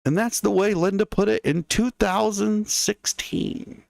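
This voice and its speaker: A man's voice: high voice, measured pace, creaky, darkish tone, no room sound. A man hosting a casual history livestream. He chats to his viewers and muses aloud in asides. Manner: chatty, musing asides to viewers. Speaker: history show host.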